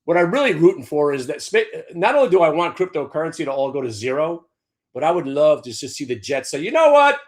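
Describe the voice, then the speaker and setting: A man's voice: on the high side, animated, fast talker, darkish tone. A man hosting a stock market show, ranting in a brash, profane, sarcastic way. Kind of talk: opinionated trading talk.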